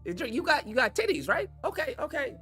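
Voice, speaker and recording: Young male streamer host, lively swooping delivery, bright tone, profane and excitable, faint music behind. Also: very high voice, fast. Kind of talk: casual chat to viewers.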